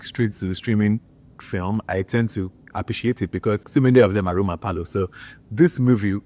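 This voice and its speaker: A man's voice: fairly low pitch, a little mellow. A man chatting enthusiastically in a casual movie review, filling his talk with "like". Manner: chatty and enthusiastic, with frequent filler "like".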